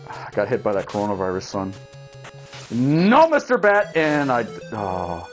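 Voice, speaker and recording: Brief: young male let's-player, lively voice that jumps high on yells, swears a lot, faint music behind. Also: a little slow. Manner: swears and shouts at enemies, talks to viewers. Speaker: let's play gamer. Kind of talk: casual gameplay commentary.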